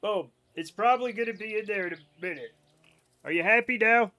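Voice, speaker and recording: A man's voice: high-pitched, a little fast, pushed and bright. A young American man streaming a game, chatting casually and answering his chat with jokes.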